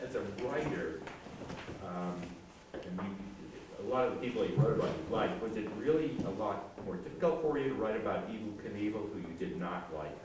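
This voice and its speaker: Low-voiced male audience member, hesitant question, far from the mic in an echoey room. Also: lively intonation, moderate pace, noisy background. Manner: hesitant, searching for words. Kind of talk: asking a question.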